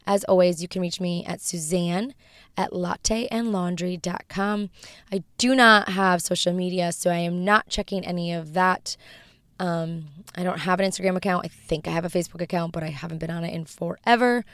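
A woman hosts a devotional show, teaching and leading spoken prayer. Her voice is raspy and low-pitched, and she speaks gently, often falling to a whisper. The sound is close and dry, with no room around it. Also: fairly even intonation, normal speed, no room sound. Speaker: podcast host.

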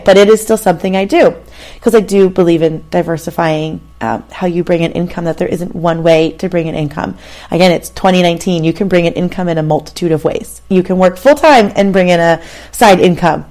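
A woman's voice: on the low side, a little mellow. A woman in her thirties hosting a show, telling a personal story in a candid, conversational way and addressing the listener directly. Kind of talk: casual storytelling monologue.

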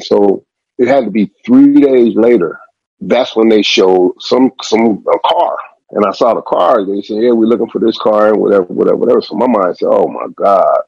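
Gravelly husky man. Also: lowish voice, darkish tone, no echo. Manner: rambling, profane street storytelling. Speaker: guest. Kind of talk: storytelling interview. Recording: dull lo-fi sound.

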